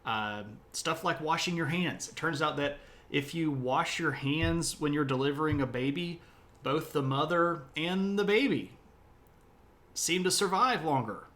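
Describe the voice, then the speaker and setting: A middle-aged man from South Mississippi in the United States hosts a casual history livestream, chatty and, by his own account, opinionated, wandering off into rambling asides. His voice sits on the high side and sounds a little bright, expressive, and in no hurry.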